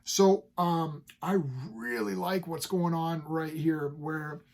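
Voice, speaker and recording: A man's voice: a little high, fairly even intonation, takes it slowly, creaky. Rambling, upbeat male comic book reviewer. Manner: rambling, lots of fillers and restarts; enthusiastic, paraphrases characters loosely. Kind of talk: casual comic review chat.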